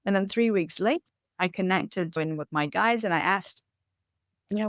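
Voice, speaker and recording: A woman's voice: mid-range voice, normal speed, no room sound, clean studio sound. A woman who works as a life coach tells her personal story in a podcast interview, earnest and reflective, with many fillers. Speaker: intuitive life coach, guest.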